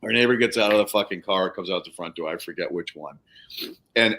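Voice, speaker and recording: Animated, expressive man telling stories. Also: fairly low pitch, fast talker, poor audio. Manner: animated storyteller, acts out quotes, swears freely. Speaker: podcast host, soil treatment practitioner. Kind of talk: casual livestream chat, storytelling.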